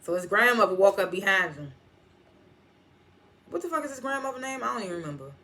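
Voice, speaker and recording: A TV reviewer giving a loose, animated recap of an episode, quoting characters along the way. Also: mid-range voice, fast. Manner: animated, loose retelling that quotes characters and laughs often.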